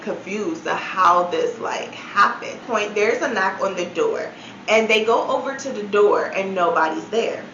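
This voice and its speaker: A woman at a mid pitch recounts a story in a casual storytime style, dropping "like" every few words and breaking off for disbelieving asides. Her voice bounces around a roomy space, and the sound is a little dull, as if from a modest mic. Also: pushed and bright, slight background noise. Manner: chatty, many "like" fillers, incredulous asides. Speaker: storytime vlogger.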